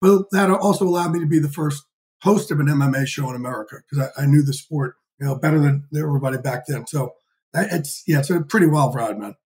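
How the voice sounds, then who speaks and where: A man in his fifties, a podcast guest telling lively, profane stories in a casual interview. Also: a little high, fast. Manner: energetic, profane, animated storyteller. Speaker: podcast guest, sports insider.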